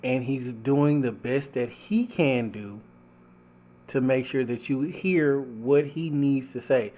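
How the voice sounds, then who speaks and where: Slow, reflective male podcast host. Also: mid-range voice, dark tone. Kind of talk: casual podcast chat.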